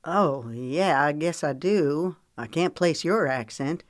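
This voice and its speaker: A woman's voice: deep voice, expressive, slow, dry recording, studio quality. A woman narrator voicing a polite, reserved young man who plays football, answering casually.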